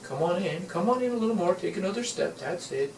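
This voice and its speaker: A man talking gently and a little too formally, coaxing a child in a scene. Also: high voice, lively intonation, fairly quick, creaky. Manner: gentle, overly formal big-brother tone. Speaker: performer in a scene study. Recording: roomy, distant, noisy room recording.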